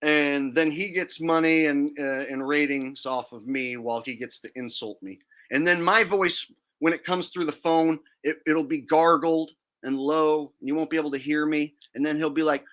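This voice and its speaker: Brief: male livestream host, fairly high voice, bright and forceful, blunt and defiant with frequent swearing. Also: moderate pace. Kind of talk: casual livestream rant.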